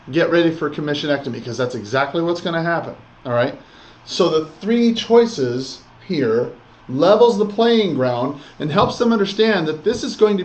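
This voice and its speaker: A man giving an emphatic sales training lesson, often checking in with "okay?" and "all right?". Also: fairly high pitch. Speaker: real estate sales trainer. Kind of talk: instructional talk. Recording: dull lo-fi recording.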